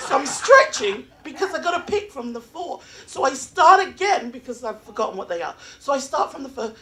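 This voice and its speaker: A woman's voice: high-pitched, normal speed. English woman telling stand-up stories. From England. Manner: animated storytelling, acting out voices. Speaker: stand-up comic. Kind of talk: open mic stand-up comedy. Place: small comedy venue.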